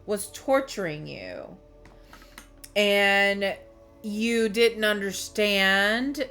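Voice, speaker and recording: A woman's voice: on the low side, a bit bright. A woman tarot reader talking candidly to her viewers in a rambling, emotional way, often restarting her sentences. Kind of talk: candid personal storytelling to viewers.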